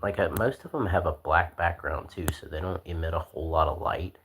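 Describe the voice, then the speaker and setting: A man hosting a casual livestream, talking in a laid-back, soft-spoken way with lots of fillers. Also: low voice, fairly quick, noisy background. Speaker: livestream host.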